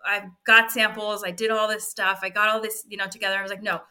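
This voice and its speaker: A middle-aged woman, a fertility physician assistant, telling an emotional story on a podcast in lively reported speech. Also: medium pitch, very fast. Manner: animated, frequent "I was like" reported speech.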